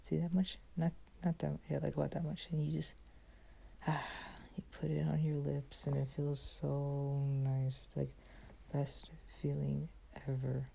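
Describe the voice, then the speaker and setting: A woman's voice: low voice, flat delivery, unhurried, vocal fry, mellow, slightly rough, low-quality recording. A young woman chatting casually as a vlogger, often dropping into a whisper. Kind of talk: casual chat.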